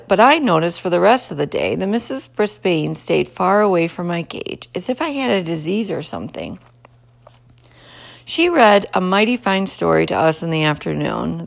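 Gravelly-voiced woman reading a storybook aloud. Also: on the low side. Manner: gentle, expressive read-aloud. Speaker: storybook reader. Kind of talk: reading a children's chapter book aloud.

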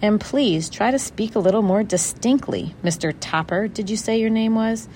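A woman voicing an officious, muddled phone clerk in a storybook, speaking slowly and precisely. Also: mid-range voice, dark tone, slight background noise, pitched above the performer's own voice. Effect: heard over a telephone in the story.

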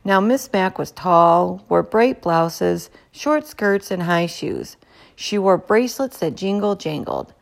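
A woman reading a children's chapter book aloud in a gentle, expressive way. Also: lowish voice, takes it slowly, vocal fry. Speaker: storybook reader.

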